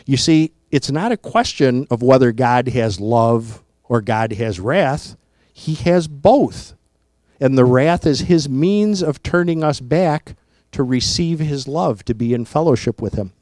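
Man preaching a sermon, mid-pitched voice, dry close sound, emphatic and deliberate. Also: lively intonation, a little mellow, no echo. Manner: deliberate, emphatic, with rhetorical questions.

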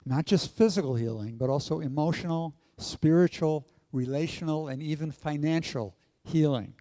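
A man preaching a sermon at a measured pace, putting questions to his congregation. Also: fairly high pitch, warm tone, dry recording, big-room sound. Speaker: pastor.

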